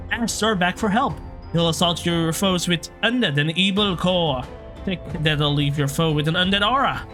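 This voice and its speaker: A young man chatting excitedly through his gameplay commentary, reacting out loud to every turn as he plays. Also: sits high. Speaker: let's play gamer.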